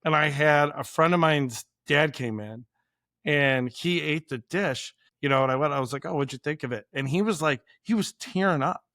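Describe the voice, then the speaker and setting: A man's voice: a little high, moderate pace, dry recording, studio quality. A man, a chef, telling a story casually and animatedly, full of "like" and acted-out quotes. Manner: animated, filler-heavy, acts out quotes.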